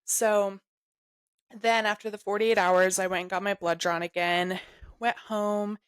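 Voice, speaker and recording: A young adult woman telling a personal story in an interview, halting and emotional, full of "like". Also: mid-range voice, fairly even intonation, clear, resonant tone, dry recording. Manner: halting, emotional, heavy use of "like". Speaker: guest sharing her story.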